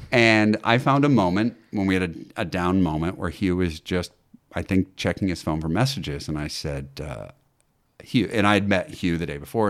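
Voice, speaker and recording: A man who acts and teaches acting, telling stories in an interview with animated delivery and frequent fillers and restarts. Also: sits low. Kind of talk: conversational interview storytelling.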